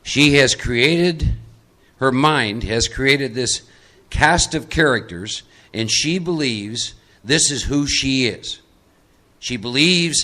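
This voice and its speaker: A man leads a live workshop in a meeting room. His voice is bright and forward. He talks conversationally and coaxes audience volunteers into acting out roles. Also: medium pitch. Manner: conversational, coaxing volunteers into role-play. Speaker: recovery workshop speaker.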